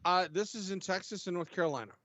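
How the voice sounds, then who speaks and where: A man's voice: sits high, fast, a bit bright, dry recording. A man co-hosting a casual livestream, reading drone news stories aloud with frequent fillers and restarts.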